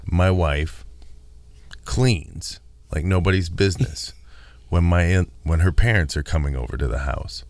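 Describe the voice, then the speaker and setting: A man's voice: sits low, a little slow, no room sound. A middle-aged married man telling profane stories in casual banter, acting out his wife's lines. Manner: profane storyteller, acts out quotes. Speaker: podcast co-host.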